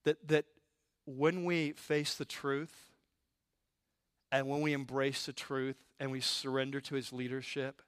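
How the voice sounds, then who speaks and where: A male pastor preaching a sermon, telling a story with lively comic energy before turning to quieter teaching. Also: mid-range voice, unhurried, smooth, dry recording, clean studio sound.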